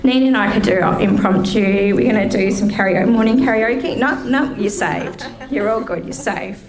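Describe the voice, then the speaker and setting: A woman's voice: mid-range voice, moderate pace, crowd noise. A woman hosting a live event, playfully coaxing the audience and handing over to the speakers. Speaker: event host.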